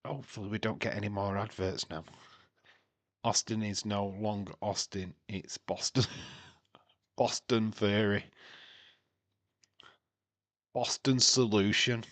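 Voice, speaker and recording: A man chats his way through a live watch-along stream, trading jokes and puns with the chat. His voice sits a little low, and he talks in an unhurried, drawn-out way. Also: level tone. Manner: chatty and jokey, laughing at his own puns. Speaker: livestream host. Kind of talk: casual watch-along commentary.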